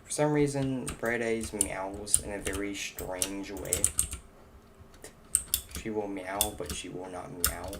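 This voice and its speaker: A man's voice: on the low side, slow pace, noisy background. A young man live-streaming a game, chatting casually and rambling to himself and his cat. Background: keyboard clicks and typing.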